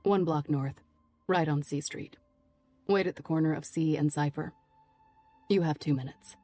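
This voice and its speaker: A woman's voice: sits low, normal speed, mellow, no room sound, faint music behind, pitched below the performer's own voice. A woman voicing a male kidnapper who gives short, cold commands by text. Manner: curt, commanding. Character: menacing male kidnapper sending cold texts.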